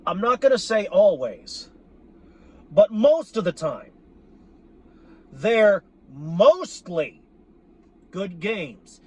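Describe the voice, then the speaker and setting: A man's voice: high voice, big pitch swings, drawn-out words, pauses often, darkish tone, breathy edge. A man venting in a profane, exasperated monologue about his team, sarcastic and repeating himself for emphasis. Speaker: sports fan vlogger.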